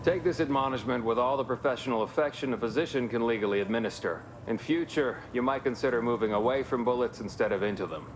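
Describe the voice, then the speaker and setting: A man's voice: mid-range voice, quick pace, few pauses, natural voice. A man voicing a dry, sardonic male physician in a video game, speaking with precise, wry diction. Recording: game audio under steady noise.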